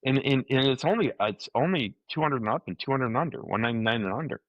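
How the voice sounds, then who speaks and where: A man's voice: medium pitch, animated, fast, a bit bright, no room sound, muffled recording. A man co-hosting a podcast, telling a story casually and acting out the quotes, with many restarts. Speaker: podcast co-host.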